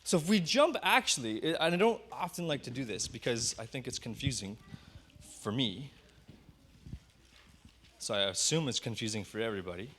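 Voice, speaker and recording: A male pastor preaching a sermon in a conversational storytelling way, slowing down to dwell on key words, with self-deprecating asides. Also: mid-range voice, expressive, a bit bright, a little hiss or hum.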